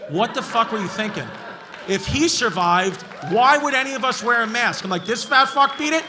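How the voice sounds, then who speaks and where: A man's voice: very high voice, animated, moderate pace. A man doing crowd work as a stand-up comedian, brash and profane as he mocks hecklers in a large club. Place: large comedy club before a live audience. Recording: live club recording with crowd noise. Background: crowd laughing.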